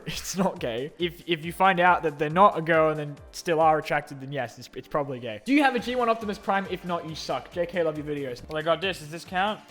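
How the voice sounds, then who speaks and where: Excitable young man with a slightly high voice. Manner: excitable and sarcastic, with sudden jumps between loud gushing and mumbled asides. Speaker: YouTube host. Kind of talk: casual Q&A and unboxing chat.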